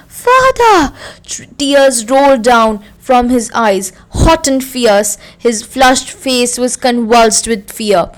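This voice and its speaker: A woman teacher reading a story aloud slowly and carefully, then explaining it to her class. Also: fairly high pitch.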